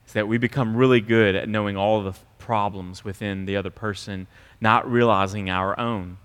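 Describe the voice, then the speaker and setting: A middle-aged man preaching a sermon in a church, dropping to quiet asides and rising to loud mocking impressions. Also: on the low side, steady tone, moderate pace, clean tone. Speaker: pastor. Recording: long hall reverb.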